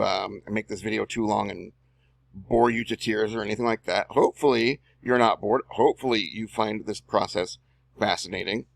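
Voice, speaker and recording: Muttering to himself as he edits a screen-recorded tutorial, this video host and online marketer reads copy aloud and tosses in drawled, slangy asides. His voice is lowish and gravelly, with no room sound.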